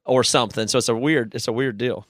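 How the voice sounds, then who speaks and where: A man's voice: mid-range voice, fairly even intonation, quick pace, a bit bright, no room sound, clean studio sound. A man who co-hosts a podcast, chatting casually in a reflective, wry way. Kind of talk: casual chat.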